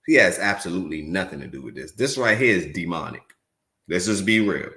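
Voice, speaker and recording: A man hosts a live reaction stream, cutting in with blunt asides and mocking sing-song chants. His voice sits on the low side. The room around him is echoey. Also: sing-song, brisk, pushed and bright. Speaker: livestream host reacting to a debate.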